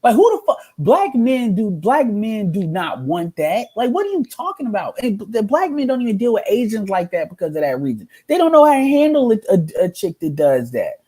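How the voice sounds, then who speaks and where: A man's voice: sits high, very animated, fairly quick, hardly any pauses, darkish tone, breathy edge. Heated, profane man ranting. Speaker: commentary streamer. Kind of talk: casual reaction commentary.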